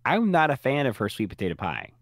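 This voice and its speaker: A man's voice: medium pitch, huge pitch swings, fast, no echo, clean studio sound. A man co-hosting a casual podcast, reacting with wry, playful, sassy asides. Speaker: podcast co-host. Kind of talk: casual chat.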